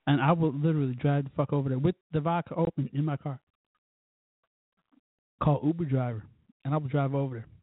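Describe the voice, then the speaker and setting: A man hosting his own show, telling rambling, profane stories in a casual drunken way, with sudden loud bursts. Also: a little high, steady tone, fairly quick, long pauses, dry recording, phone-quality sound. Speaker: podcast host.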